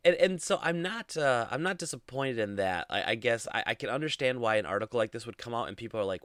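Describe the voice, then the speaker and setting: A man's voice: fairly low pitch, sing-song, fairly quick, fairly bright tone, no echo, clean studio sound. A man hosting a casual solo gaming podcast, rambling with lots of fillers and restarts. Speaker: podcast host.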